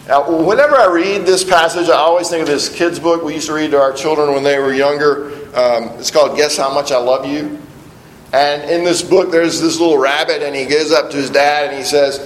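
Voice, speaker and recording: A middle-aged pastor preaches an earnest sermon in a slightly high voice, often doubling back on his words. He sounds roomy and reverberant, as if in a large sanctuary, with a faint rumble underneath. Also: moderate pace.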